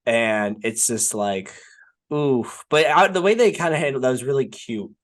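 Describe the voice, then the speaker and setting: A man's voice: mid-range voice, animated, normal speed. A young man co-hosting a podcast, talking casually and rambling with lots of fillers. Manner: rambling, filler-heavy, says "like" and "right?" often. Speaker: podcast co-host. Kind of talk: casual film discussion.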